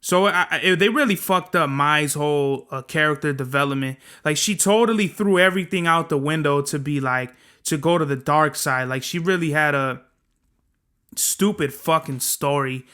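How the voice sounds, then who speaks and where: A man's voice: on the high side, normal speed, pushed and bright, smooth. A young man hosting a solo podcast, talking in a profane, rambling, slangy way. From Southern California. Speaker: podcast host. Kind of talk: casual solo podcast monologue.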